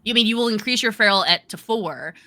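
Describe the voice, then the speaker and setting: A woman's voice: mid-range voice, expressive, brisk, sharp tone, no echo. A woman narrating and explaining rules as game master, casual and chatty with many fillers.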